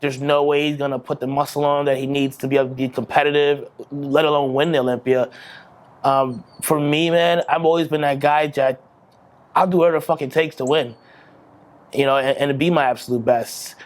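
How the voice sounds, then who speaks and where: A man's voice: a little high, little pitch movement, a little fast. A man in his thirties giving a candid, emotional interview as a bodybuilding champion. He swears freely and often restarts his sentences. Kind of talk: candid post-victory interview.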